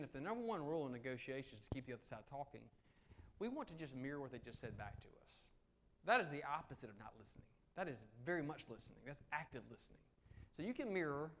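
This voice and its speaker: A man presents to a meeting room of professionals. His pitch sits right in the middle for a man. He talks in a lively, conversational way, slipping into quick acted-out lines. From Southern United States. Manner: animated, conversational, acts out quotes. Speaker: attorney giving a negotiation talk. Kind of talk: conference presentation.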